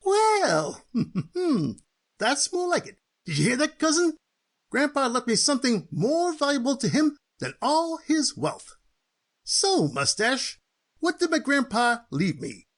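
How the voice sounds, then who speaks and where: A man's voice: slow pace, full character voice. A man voicing an eager, hard-working young man who gets flustered and indignant easily. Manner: excitable, high-pitched and incredulous. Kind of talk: cartoon voice acting.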